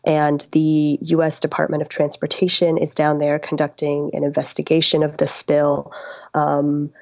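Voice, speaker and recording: Low-voiced woman reporter explaining her work. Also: darkish tone. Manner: thoughtful, with frequent um and uh. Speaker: reporter being interviewed. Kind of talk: radio interview answers.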